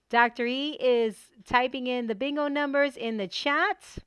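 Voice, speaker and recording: A woman's voice: high-pitched, moderate pace, bright, forceful tone, clear, resonant tone, no echo. A woman hosting a livestream and calling bingo numbers in a playful, casual way, drawing each number out.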